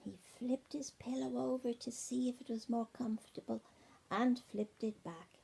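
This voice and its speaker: An older woman reading a bedtime story to her grandchildren at home, recorded on a tablet. Her voice is gravelly and husky, a bit higher than most women's, and she reads very slowly. She often drops to a whisper and asks the children questions as she goes. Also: steady tone, warm tone. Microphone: iPad mini.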